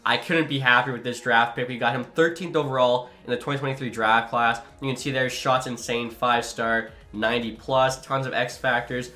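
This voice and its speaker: A man's voice: mid-range voice, steady tone, sharp tone, soft background music. A young man giving upbeat, chatty commentary over a hockey video game. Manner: upbeat, quick, chatty with filler. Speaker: gaming YouTuber.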